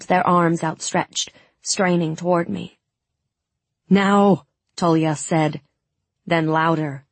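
A woman narrating a first-person fantasy audiobook in a measured way, giving the characters' lines some heat. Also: on the low side, breathy edge, dry recording.

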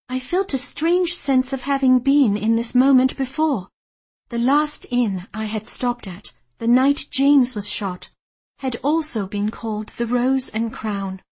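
A woman reading a first-person historical novel aloud in a measured, steady way. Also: a little high, slightly rough. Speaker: audiobook narrator. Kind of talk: first-person storytelling narration.

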